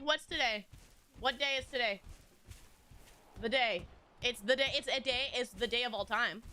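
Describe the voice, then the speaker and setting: A woman's voice: a little high, normal speed, long pauses, pushed and bright, clean tone. A woman game streamer chatting casually with viewers, rambling with lots of restarts and little laughs.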